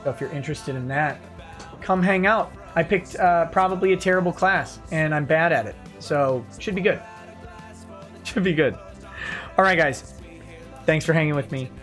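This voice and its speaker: A man's voice: a little high, normal speed, pauses often, fairly bright tone, faint music behind. A man, a lawyer hosting a late-night livestream, reading viewer comments aloud and joking about them in a casual, wry way.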